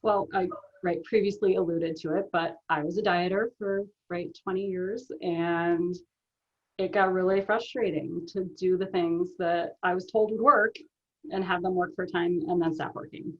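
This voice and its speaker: A middle-aged woman talks earnestly in an interview and sits a little low in pitch. She keeps asking "right?" and drops in soft ums as she explains. The audio is dull and lo-fi. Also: fairly even intonation, moderate pace. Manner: earnest, often adds "right?" and "um". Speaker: guest, author and business owner. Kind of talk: conversational interview.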